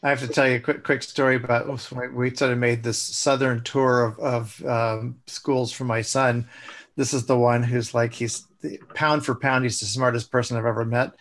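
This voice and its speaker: A middle-aged man chatting casually, telling anecdotes in halting, restarting phrases and offering blunt feedback on a demo. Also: mid-range voice, level tone, fairly bright tone. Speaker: colleague giving feedback on a sales demo. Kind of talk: casual chat.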